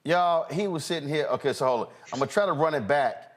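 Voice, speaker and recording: Guy hosting a political talk show, mocking and animated, keeps trying to play clips. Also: a little high, quick pace, a little hiss or hum. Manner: animated, mocking, talks while fumbling with playback. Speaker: host. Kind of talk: casual political commentary.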